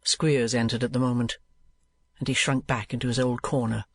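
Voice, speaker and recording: A man reading an audiobook in a measured, even scripted narration. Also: medium pitch, no room sound.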